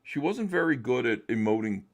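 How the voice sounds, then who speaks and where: A man's voice: medium pitch, expressive, normal speed. A man chatting casually as a guest on an interview show, rambling and hesitant with many fillers. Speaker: guest comic artist.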